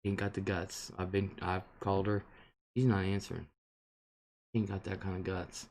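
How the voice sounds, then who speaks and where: A man's voice: deep voice, little pitch movement, moderate pace, creaky, a little mellow. A man hosting a casual live stream, answering viewer comments and rambling on with indignation. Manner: rambling and indignant, with frequent fillers. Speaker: host reading viewer comments.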